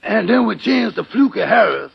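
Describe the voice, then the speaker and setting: A man's voice: high-pitched, expressive, normal speed, vocal fry, breathy edge. A man in easygoing 1940s radio comedy banter. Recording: muffled 1940s radio broadcast.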